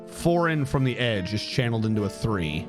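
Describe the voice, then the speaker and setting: A man's voice: lowish voice, big pitch swings, moderate pace, over music. A man streaming a building game, muttering and counting tiles aloud while getting frustrated. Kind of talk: live gameplay commentary.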